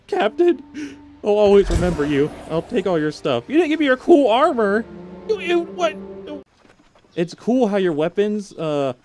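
Excitable man yelling over game music. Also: sits high. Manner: loud excitable reactions, frequent exclamations and laughter. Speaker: gaming streamer. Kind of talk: excited gameplay commentary.

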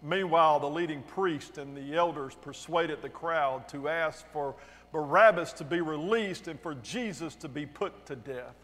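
A man with a high voice reads scripture to his congregation, giving the quoted speech a raised, emphatic delivery. His words ring out in a church hall with a long reverb tail. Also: a little slow, fairly bright tone. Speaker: pastor. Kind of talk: dramatic scripture reading. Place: church sanctuary.

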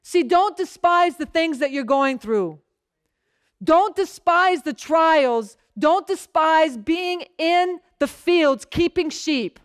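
Slow and expressive, a woman pastor preaches as though telling a story, regularly checking in with the people listening. For short lines of dialogue, she drops her voice lower. The clean studio recording has no echo.

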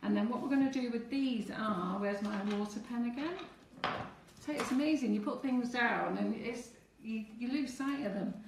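A woman's voice: on the high side, normal speed, recorded from a distance, noisy background. A woman teaching cake decorating on a live stream, chatting to viewers as she works through each step. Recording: echoey room, away from the mic.

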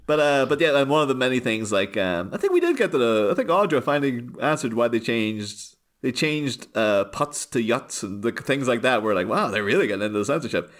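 Lively, rambling male podcast co-host. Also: mid-range voice, normal speed, hardly any pauses. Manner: rambling, animated, mimics voices with laughter. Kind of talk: casual chat.

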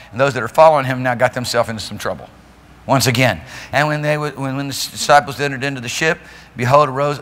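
Pastor guy preaching hard, bright voice, big echoey church hall. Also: medium pitch. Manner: animated preaching, laughing, mimicking voices. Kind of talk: sermon. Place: church sanctuary. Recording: long hall reverb.

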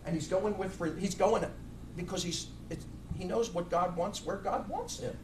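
This is a middle-aged pastor whose high voice moves at a normal speed as he preaches bluntly and fiercely, restarting often. The setting is a church sanctuary, and the far-off mic catches room echo along with background noise.

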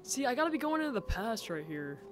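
High-voiced jumpy gaming commentator man. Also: big pitch swings, fast talker, noisy background. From United States. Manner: jumpy, talks to himself, exclaims and laughs often. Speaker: gameplay commentator. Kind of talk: let's play commentary.

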